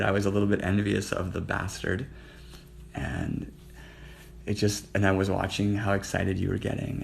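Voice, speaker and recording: Gravelly man flirting on a livestream. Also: lowish voice, slight background noise. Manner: flirtatious, addressing viewers by name, drops to murmurs. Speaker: livestream host. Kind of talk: flirty livestream chat with viewers.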